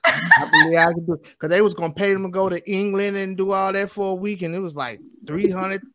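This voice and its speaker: A man's voice: high-pitched, fairly even intonation, fairly quick, pushed and bright, dry recording. A man co-hosting a casual podcast chat in a joking, playful manner.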